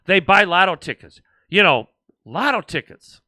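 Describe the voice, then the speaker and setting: Male livestream host, sarcastic political rant, lively high voice. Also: moderate pace, dry recording. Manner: animated and sarcastic, mocking other voices.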